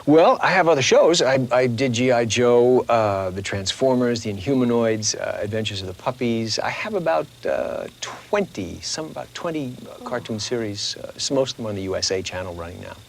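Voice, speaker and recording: A middle-aged voice actor, appearing as an interview guest, chats casually and animatedly in a medium-pitched, creaky voice at a moderate pace with few pauses. He tells stories and slips into little voices, over slight background noise.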